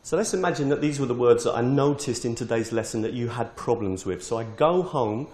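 A man's voice: mid-range voice, lively intonation, a little fast, a little mellow. A middle-aged British man, a teacher trainer, giving an informal step-by-step live demonstration of a teaching tool. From Britain.

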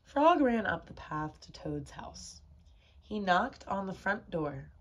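A young woman at home reading a children's book aloud to her dog, talking in a soft, gentle, unhurried way. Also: mid-range voice, big pitch swings. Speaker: home reader. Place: home corner indoors.

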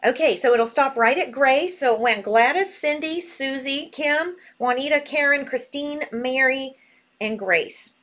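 A woman hosting a live jewelry sale stream, excitable and reading buyer names aloud as she types. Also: high voice, measured pace.

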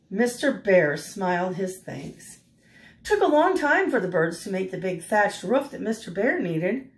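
An older woman reading a picture book aloud in a gentle way, pausing to ask the listener questions. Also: mid-range voice, sing-song. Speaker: storyteller. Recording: roomy echo.

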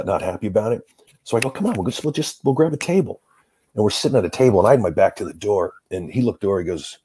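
A middle-aged man tells lively anecdotes as a guest in a casual interview, laughing between lines. His voice sits low with a husky, dark tone. The sound is close and dry. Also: no room sound. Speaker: actor guest.

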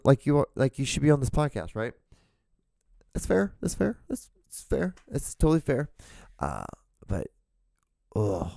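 A man's voice: fairly low pitch, vocal fry, dark tone, no room sound, studio quality. A man hosting his own solo podcast, rambling through blunt, profane rants, with his voice starting to go. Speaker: podcast host.

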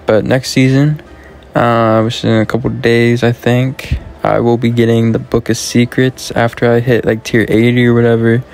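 A man's voice: mid-range voice, flat delivery, normal speed, vocal fry, a little mellow, slight background noise. A man casually introducing his gaming video in a laid-back, rambling way with plenty of fillers. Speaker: gaming YouTuber.

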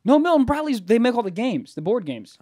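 High-voiced man bantering, very animated. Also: dry recording, clean studio sound. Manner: quick banter, mocking asides. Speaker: podcast co-host. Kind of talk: casual comedic chat.

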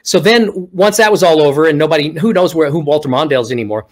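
A middle-aged man from Texas, speaking over a video call as a guest. His voice sits a little above the usual pitch for a man. He tells his stories casually, with lively acted-out quotes. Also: fast. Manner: animated, acts out quoted speech. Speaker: guest ventriloquist. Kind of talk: casual interview storytelling.

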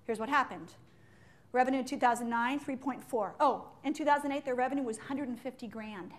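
A woman giving a live business talk to an audience in an animated, joking way, firing questions at the listeners. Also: high voice, a little fast. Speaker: leadership speaker.

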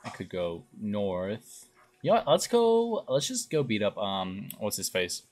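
A young man streaming a game live, chatting along casually and breaking into loud excited exclamations. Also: lowish voice, measured pace. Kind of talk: live gameplay commentary.

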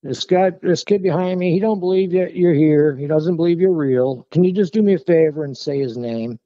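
A man telling a personal story in a casual, animated, conversational way to a host. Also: on the high side, moderate pace, no echo. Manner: animated, conversational, working-class phrasing. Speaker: guest telling his encounter. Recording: dull lo-fi call audio.

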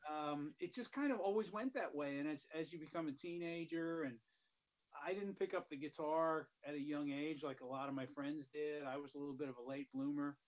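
Man telling stories, slightly high voice. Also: poor audio. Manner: relaxed, rambling, many "you know" asides. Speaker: guest musician. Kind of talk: casual interview storytelling.

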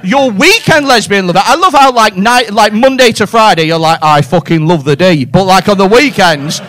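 Excitable high-voiced man. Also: normal speed. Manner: sweary, excitable, laughing at own jokes. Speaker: stand-up comedian. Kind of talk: crowd work. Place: comedy club stage.

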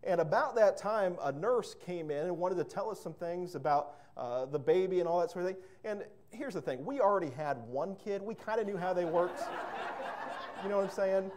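A man's voice: high voice, expressive, normal speed, a little mellow. A man preaching a sermon as pastor, fervent and emphatic, repeating words and breaking into storytelling asides.

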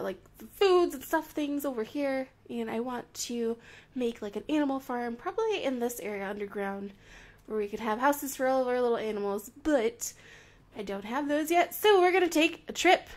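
High-pitched young woman chatting over her minecraft game, bubbly and gushy, squeals then goes all quiet. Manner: bubbly, gushing and playful, quick swings between excited squeals and soft murmurs. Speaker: Minecraft video creator. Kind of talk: casual gameplay commentary.

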